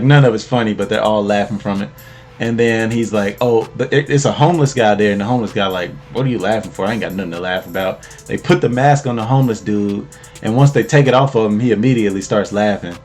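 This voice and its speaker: A man's voice: on the low side, a little mellow. A man casually recapping an anime episode as host, laid-back and slangy, laughing as he tells it.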